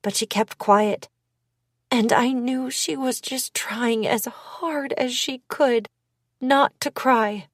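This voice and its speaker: A woman narrating an audiobook in the first person, taking her time with every phrase. Her voice sits a touch high, unhurried and measured, recorded close and dry. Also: dry recording.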